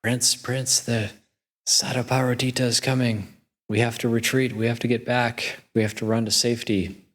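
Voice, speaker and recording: A man's voice: medium pitch, level tone, moderate pace, a bit bright, pitched above the performer's own voice, lightly acted. A man doing frantic panicked generals. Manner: urgent, pleading. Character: panicked male generals urging retreat.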